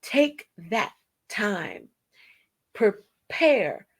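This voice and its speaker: A woman's voice: medium pitch, very animated. A middle-aged woman hosting a devotional program, teaching earnestly and breaking into bits of song. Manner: slow, earnest, sings snatches of hymns. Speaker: host and Christian singer.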